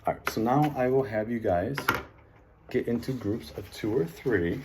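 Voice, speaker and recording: A man teaching a phonics lesson, encouraging the class and slowly sounding out letters, with frequent ums and likes. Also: mid-range voice, darkish tone, a little hiss or hum. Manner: frequent fillers like um and like.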